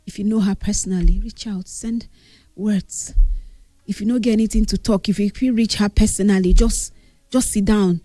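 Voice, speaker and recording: This grieving woman speaks with a Nigerian accent, giving an earnest, emotional spoken tribute to a friend in a mix of English and Pidgin. Her voice is medium-pitched and mellow, with fairly even intonation and normal speed. The recording is clean studio sound with no room sound.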